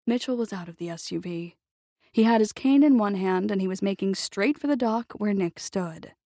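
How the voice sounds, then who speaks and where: A woman reading a novel aloud as audiobook narrator in a measured, even storytelling manner on a close mic. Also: mid-range voice, no room sound. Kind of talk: scripted narration.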